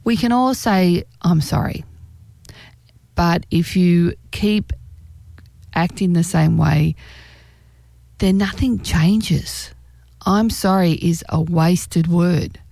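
A woman giving relationship advice in a direct, earnest way, slowing down to stress key phrases. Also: fairly low pitch, gravelly, darkish tone, no room sound. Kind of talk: direct-to-camera advice talk.

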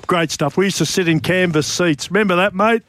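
A man's voice: high voice, brisk, fairly bright tone. Chatty Australian male radio co-host. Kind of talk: live radio banter.

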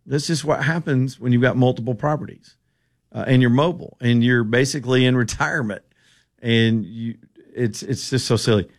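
A man's voice: medium pitch, steady tone, moderate pace. A middle-aged man from the Southern United States hosting opinionated political talk radio, sarcastic, folksy and rambling.

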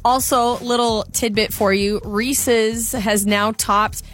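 A woman hosting a radio show in casual banter, reading stories out quickly and laughing easily. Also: a little high, steady tone, fairly bright tone, soft background music. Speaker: radio host.

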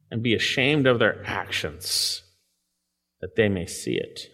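A man preaching an expository sermon, reading scripture aloud and explaining it, his voice rising sharply for emphasis and dropping low and quiet. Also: measured pace, creaky, in a large hall. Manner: animated, pitch swings up for emphasis then drops low. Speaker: pastor.

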